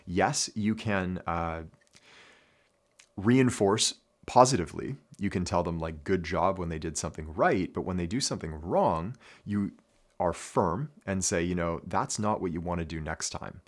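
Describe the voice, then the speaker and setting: A man with a notably deep voice teaches a lesson on mindset to camera. He is earnest and reflective, and he repeats his main phrases so they land. He speaks as a coach addressing his players. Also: animated, a little slow. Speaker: basketball coach. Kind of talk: instructional talk to camera.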